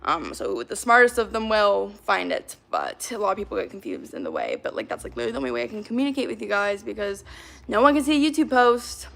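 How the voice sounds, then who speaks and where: A young woman livestreaming, chatting fast and reading out comments from her chat. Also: mid-range voice, big pitch swings, creaky, a bit bright. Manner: chatty, hyper, reacts to comments, fillers of like.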